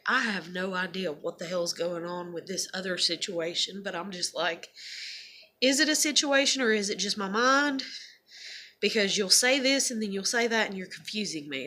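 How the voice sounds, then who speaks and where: A woman's voice: medium pitch, sharp tone, slight background noise. A woman talking casually to camera in a confessional vlog, rambling with lots of fillers and swearing. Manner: rambling, profane, many fillers. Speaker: vlogger.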